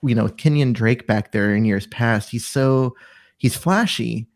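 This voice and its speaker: A man's voice: mid-range voice, a little slow. A man co-hosting a sports podcast, talking football in a loose, rambling way. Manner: rambling, many fillers and restarts. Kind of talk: casual sports chat.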